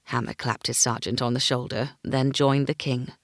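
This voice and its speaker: A woman's voice: extremely low pitch, steady tone, normal speed, vocal fry, no echo, studio quality. A woman narrating a first-person fantasy audiobook, giving each character a voice.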